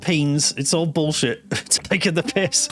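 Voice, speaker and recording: A man's voice: fairly high pitch, takes it slowly, a bit bright. A man from East London giving joking gameplay commentary as a streamer, wry and mock-teaching. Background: game music.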